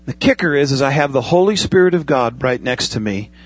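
A man's voice: medium pitch, animated, fairly quick, dry recording. A man preaching a sermon in a conversational way, asking the congregation questions and using everyday comparisons. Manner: conversational preaching with pilot analogies and asides. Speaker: pastor.

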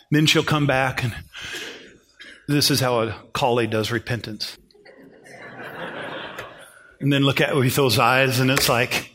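A middle-aged man preaching a sermon in a folksy, animated storytelling way. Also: mid-range voice, unhurried, pauses often. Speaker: pastor.

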